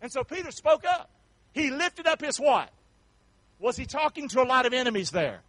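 A male pastor preaching a sermon, calling out to the congregation for responses and building up to shouts. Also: extremely high pitch, big pitch swings, normal speed, no echo, rough recording.

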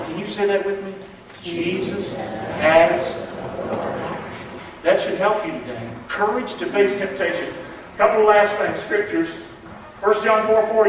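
A pastor preaching a sermon, calling on the congregation to repeat lines, swinging from loud to hushed. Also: male voice, sits high, animated, moderate pace, slight background noise. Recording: echoey hall from far off.

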